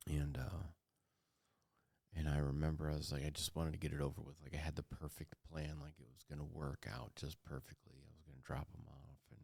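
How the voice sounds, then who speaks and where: A middle-aged man with a very deep, gravelly voice tells a personal story in a halting, earnest way. He stumbles over his words and restarts often. The sound is dry and close, with no room around it. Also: little pitch movement, darkish tone, dry recording. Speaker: podcast co-host.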